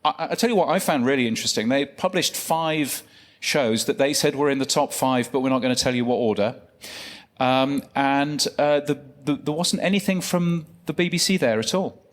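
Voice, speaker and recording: A man's voice: mid-range voice, moderate pace. A man co-hosting a live podcast news show, chatting with lots of ums and restarts. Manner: chatty, many fillers and restarts. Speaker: podcast co-host. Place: live event stage.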